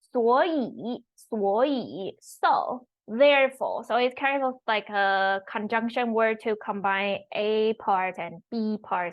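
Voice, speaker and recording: Woman, teacher, slow deliberate explanations, slightly high voice, dull lo-fi sound. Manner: slow, careful explanation with repeated example words. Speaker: Mandarin teacher. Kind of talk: online language lesson.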